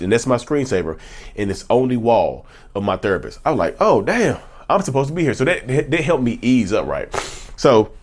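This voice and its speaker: A man in his thirties hosting his own vlog, talking earnestly and emphatically and repeating phrases for stress. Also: mid-range voice. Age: 30s. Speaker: channel host. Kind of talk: personal vlog monologue.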